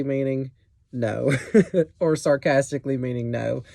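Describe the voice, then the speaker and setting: A man's voice: medium pitch, moderate pace, vocal fry, warm tone, no echo. A young man presenting a teaching plan for a class in a casual, explanatory way, with many fillers and restarts.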